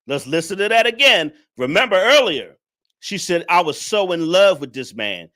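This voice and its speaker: Bright-voiced man lecturing his audience. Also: high-pitched, very animated, moderate pace. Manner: preachy, lecturing, repeats points; addresses the audience directly. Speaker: commentary host. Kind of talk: reaction commentary on a clip.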